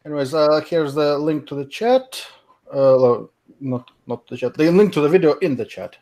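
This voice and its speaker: A man's voice: fairly high pitch, lively intonation, moderate pace, a little mellow. A man hosting a casual online chat stream, rambling with many fillers and restarts and laughing often. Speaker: stream host.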